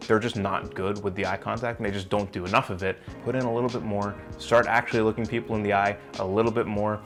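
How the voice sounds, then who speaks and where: A young man with a lowish voice coaches the viewer in a casual vlog. He talks bluntly and with emphasis, and drops in the odd swear word. Soft music plays faintly underneath. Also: fairly even intonation, fast talker. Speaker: self-improvement vlogger.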